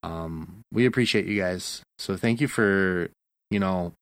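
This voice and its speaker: A man's voice: sits low, measured pace, no echo, studio quality. A man co-hosting a podcast in casual chat, rambling with many fillers and self-corrections. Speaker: podcast co-host.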